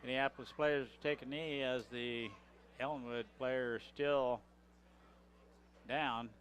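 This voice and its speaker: A man with an average-pitched voice doing color commentary for a local high school football broadcast. He talks in a relaxed, conversational way and walks listeners through each play in everyday language. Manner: conversational, explains plays in plain talk.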